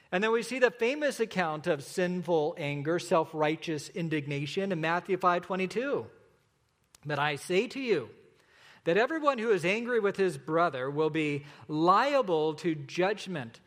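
A man preaching a sermon as a pastor, earnest and emphatic, slowing down for repeated points. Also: high-pitched, a bit bright, big-room sound.

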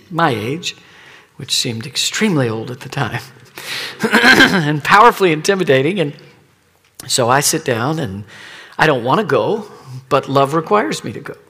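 A middle-aged man preaching a sermon as pastor, telling a personal story and dropping at times into hushed, near-whispered asides. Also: on the high side, expressive, measured pace, pauses often, slightly rough.

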